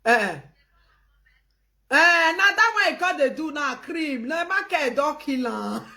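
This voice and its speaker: A woman speaking with a Nigerian Pidgin English accent, hosting a live stream. Her voice sits high and swings widely. She moves from loud, laughing outbursts to low, easy phone chat. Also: very animated, slow pace. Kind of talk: casual live-stream rant.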